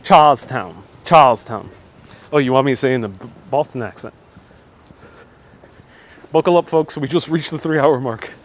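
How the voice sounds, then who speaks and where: A man's voice: medium pitch, normal speed, long pauses, a little mellow. A man hosting a live walking tour outdoors, chatting casually and reacting to viewer comments as he goes. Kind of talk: casual live-stream narration. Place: outdoors on city streets. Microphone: phone on handheld gimbal.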